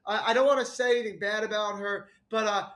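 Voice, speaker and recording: Telling crude stories as a podcast co-host, this young man rambles casually, restarting haltingly and laughing at his own jokes. His high voice holds a steady tone and sounds fairly bright.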